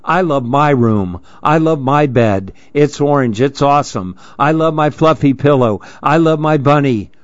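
A man's voice: mid-range voice, unhurried, few pauses, no echo, muffled recording, natural voice. A man voicing a nervous little girl who chatters about her worries. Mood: worried. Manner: fretful, chattering.

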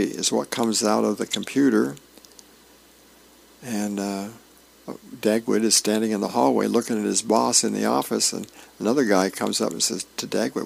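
A man reading newspaper comic strips aloud on a radio show, describing each panel with frequent pauses. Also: fairly low pitch, gravelly, husky. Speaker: radio reader of newspaper features.

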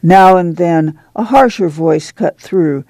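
A man narrating a novel as an audiobook, in a measured, unhurried way. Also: fairly high pitch, a little mellow, dry recording. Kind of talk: scripted narration.

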